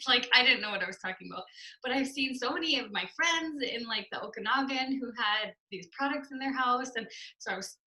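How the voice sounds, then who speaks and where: Young woman, very bright voice, slightly high, chatty, laughs a lot, tired and yawning, from Canada. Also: brisk, low-quality recording. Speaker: guest speaker on a group call. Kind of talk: casual chat.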